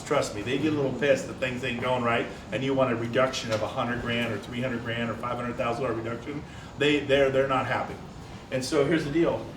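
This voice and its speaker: A man giving a live business presentation, energetic and quizzing the audience with quick questions. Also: mid-range voice. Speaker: seminar presenter. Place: large event hall. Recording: echoey hall from far off, faint noise.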